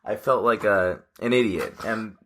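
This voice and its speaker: A man's voice: fairly low pitch, normal speed, a bit bright. A man in his twenties, co-hosting a casual podcast chat, telling rambling stories with restarts and laughs. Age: 20s. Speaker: podcast co-host.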